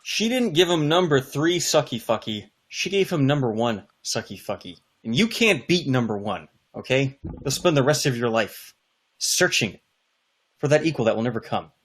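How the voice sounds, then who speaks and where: A man's voice: mid-range voice, sing-song, moderate pace, fairly bright tone, breathy edge. A man in casual chat, cracking crude, sarcastic jokes.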